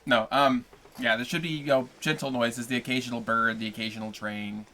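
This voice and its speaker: A man with a bright, forceful voice talks on his livestream in a loose, joking way, teasing his chat. A faint hum of noise sits under him at a middle pitch. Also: normal speed. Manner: playful, joking, chatty with viewers. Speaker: livestream host and reader.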